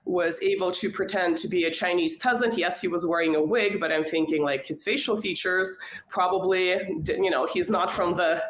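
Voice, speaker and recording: A woman talks in a relaxed, conversational way, thinking aloud and hedging often. Her voice sits a little low. The room around her is noticeably echoey. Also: normal speed. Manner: thoughtful, hedging, frequent fillers. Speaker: podcast guest. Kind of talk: casual conversation.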